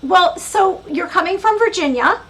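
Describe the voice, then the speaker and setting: A woman's voice: very high voice, expressive, normal speed, fairly bright tone. A woman from New York with a New York accent, hosting a livestream in a chatty, upbeat way. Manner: chatty and upbeat, lots of fillers and laughs. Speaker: host. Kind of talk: casual livestream talk.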